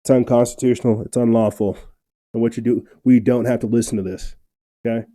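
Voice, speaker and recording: A man's voice: medium pitch, fairly even intonation, fairly quick, warm tone. A man hosting a political commentary podcast, reading news articles aloud and getting fired up, with frequent stammered restarts. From New Mexico, USA. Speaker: podcast host.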